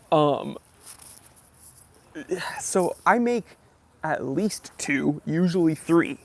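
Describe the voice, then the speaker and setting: Gravelly, joking live-stream host. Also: male voice, on the high side. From Los Angeles area. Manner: joking, animated, self-deprecating banter. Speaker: YouTube channel host doing a live stream Q&A. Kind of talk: casual live-stream chat reading comments.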